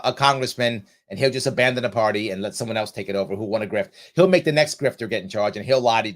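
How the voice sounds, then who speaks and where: A man hosting a live political show, delivering a combative, sarcastic monologue full of scolding rhetorical questions. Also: medium pitch.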